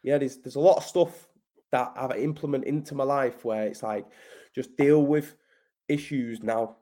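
A podcast guest from Manchester, England, tells a casual story, being blunt, swearing and calling the host mate. His mid-range voice is mellow and steady, at normal speed.

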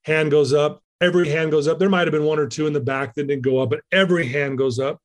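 A man telling a personal story in a conversation, lively and acting out the lines of people he quotes. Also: fairly high pitch, fast talker. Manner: animated, acts out quoted lines. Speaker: guest speaker.

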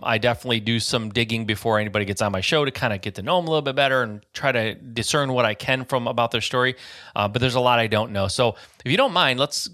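An upbeat man hosts a podcast in a friendly, chatty way, with plenty of fillers and restarts. His voice sits at a middle pitch. The recording is dry and close. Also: bright, forceful tone, no echo. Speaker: podcast host. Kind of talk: casual interview.

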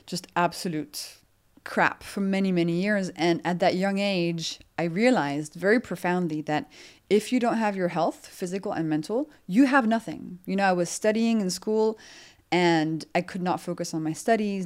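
A woman's voice: lowish voice, darkish tone. A young woman, a guest author, talking casually and upbeat in an interview, often saying "like".

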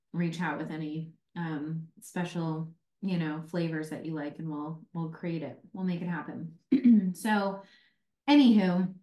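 A woman's voice: fairly low pitch, a little mellow, reverberant. A woman life coach talking candidly in a casual solo podcast, swearing freely and mimicking others' voices when she quotes them.

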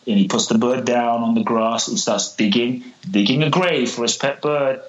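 A man telling a parable in a podcast interview, animated and repeating words as he acts out the characters. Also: medium pitch, moderate pace, few pauses, highs cut off. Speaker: guest, spiritual teacher.

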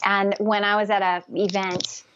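A woman guest speaking gently and earnestly about spiritual connection, with frequent restarts. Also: medium pitch, little pitch movement, normal speed, muffled recording, a little hiss or hum. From Northern California. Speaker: guest, conception coach. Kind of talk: casual interview talk.

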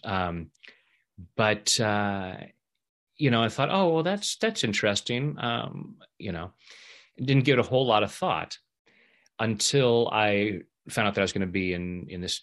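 A middle-aged man telling a personal story in a casual interview, lively when he acts out what others said and laughing often. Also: deep voice. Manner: animated when acting out quoted voices, laughs often. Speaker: interview guest, EFT practitioner.

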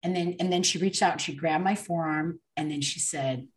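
Woman, podcast guest, deep voice, casual storytelling, animated, lots of fillers. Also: moderate pace, hardly any pauses. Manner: animated, with fillers and reenacted dialogue.

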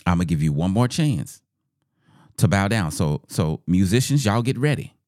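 A man's voice: low-pitched, very animated, normal speed, darkish tone, no echo, studio quality. A man voicing a boastful, angry king who taunts and threatens in a slangy, swaggering way. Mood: proud, threatening.

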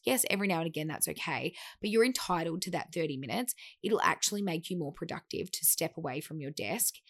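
A woman in her thirties who coaches fat loss and hosts a podcast delivers a casual, chatty monologue, animatedly acting out quoted remarks. Her husky voice is on the low side, and she talks fast with hardly any pauses.

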